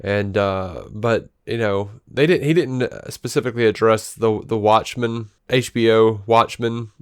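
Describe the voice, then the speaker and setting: A podcast co-host chats casually, rambling with many restarts. His lowish, resonant voice is clear and measured in pace, captured with clean studio sound and no room sound.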